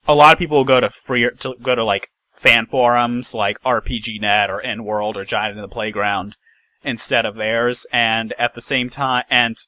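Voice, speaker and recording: Bright-voiced man chatting about gaming news. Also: medium pitch, no room sound, poor audio. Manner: rambling, many restarts and fillers. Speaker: podcast host. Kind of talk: casual gaming news chat.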